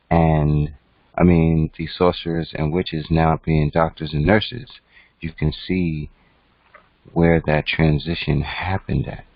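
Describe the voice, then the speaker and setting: A man's voice: very deep voice, no room sound. A man teaching an online class in a conversational lecture style, often checking in with "right?". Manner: conversational, keeps asking "right?". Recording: dull, dry lo-fi audio.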